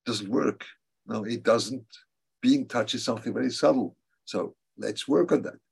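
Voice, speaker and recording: A man teaching a religious class, answering students' questions in a halting, thoughtful way and repeating key phrases for emphasis. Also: medium pitch, gravelly, a little mellow, breathy edge.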